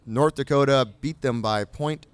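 A man hosting a casual beer podcast, rattling off statistics with fillers and quick laughs. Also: mid-range voice, smooth, no room sound. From California. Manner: reads stats with fillers and laughs. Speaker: podcast host. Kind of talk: casual chat.

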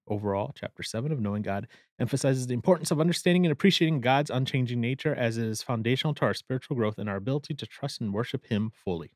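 A man's voice: medium pitch, no room sound. A man co-hosting a casual podcast about a book, with a dry, teasing sense of humor. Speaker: podcast co-host.

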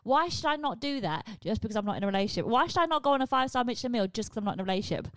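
A woman's voice: very fast, few pauses, no echo. Chatty, candid woman in her forties. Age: 40s. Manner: chatty, candid and swearing freely, with lively jumps in pitch. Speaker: podcast host. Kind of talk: casual solo podcast monologue.

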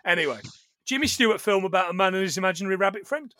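A man hosting a casual podcast chat, joking, swearing and putting on quick voices for the characters he retells. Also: high-pitched, expressive, bright, forceful tone, dry recording. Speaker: podcast host.

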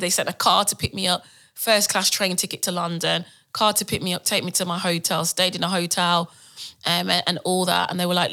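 A woman in her thirties, a podcast guest, telling her story in a lively way. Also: lowish voice, fast. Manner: animated storytelling with laughs and acted quotes. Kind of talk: casual interview talk.

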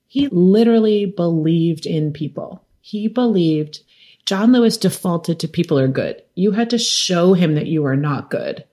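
Low-pitched middle-aged woman, doc director, chatting in an interview, animated storyteller who acts out what people said. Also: unhurried. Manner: animated storytelling, laughs often, acts out quotes. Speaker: documentary director, interview guest. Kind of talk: conversational interview.

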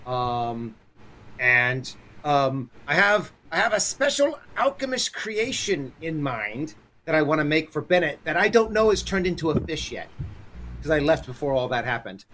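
A man's voice: on the high side, sing-song, normal speed, sharp tone. A man playing a tabletop game, speaking hesitantly with many fillers. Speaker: player.

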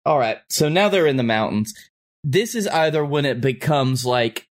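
A man's voice: medium pitch, moderate pace. A man brainstorming a story casually, hesitant with frequent fillers.

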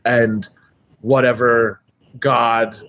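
A man's voice: medium pitch, flat delivery, very slow, fairly bright tone, slight background noise. A man chatting as a player while building a tabletop character, rambling and hesitant with many restarts. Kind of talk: tabletop character creation chat.

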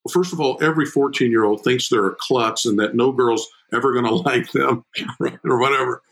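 A middle-aged man talking as a podcast guest about fatherhood, emphatic and prone to repeating words, with his pitch jumping up when he gets excited. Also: brisk, creaky, poor audio. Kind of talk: animated conversational podcast talk.

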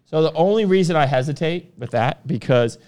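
A man co-hosting a casual podcast, talking in a relaxed, rambling way with lots of fillers. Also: on the high side, a little fast. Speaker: podcast co-host, supplement store owner.

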